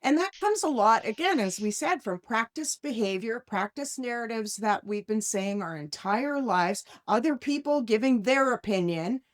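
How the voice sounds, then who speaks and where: A woman hosting a life coaching podcast in casual conversation, animated, often asking "right?" and acting out inner voices. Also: a little high, normal speed, few pauses.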